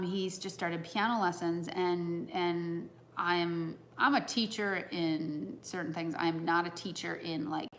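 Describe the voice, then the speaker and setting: An earnest woman in her thirties speaks in a fairly low voice, musing aloud in a casual talk on personal growth. Her delivery is heartfelt and reflective, with faint background noise.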